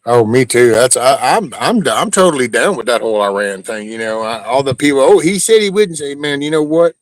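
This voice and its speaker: A man's voice: medium pitch, expressive, a little fast, no echo. A man hosting a livestream, ranting bluntly and profanely in a casual way. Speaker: livestream host.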